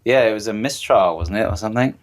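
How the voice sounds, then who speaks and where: A man's voice: lowish voice, quick pace. A man co-hosting a podcast, easygoing and a little hesitant, chatting casually. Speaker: podcast co-host. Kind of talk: casual chat.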